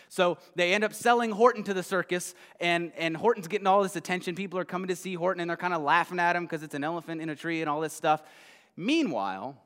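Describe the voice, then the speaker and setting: A male pastor giving a casual sermon, retelling a children's story in a conversational way and often checking in with a quick "right?". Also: high-pitched, a bit bright. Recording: long hall reverb.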